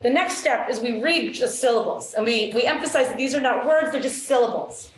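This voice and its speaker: Upbeat woman teacher running a phonics lesson, voice a bit high, echoey room with faint hiss. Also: fairly quick. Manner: upbeat, encouraging, frequent praise. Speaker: reading specialist. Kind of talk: classroom lesson demonstration.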